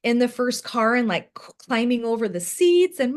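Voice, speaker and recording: A woman's voice: a little high, sing-song, normal speed. A woman director giving an encouraging, conversational training talk over a video call to her team. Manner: encouraging, conversational, often asks "right?".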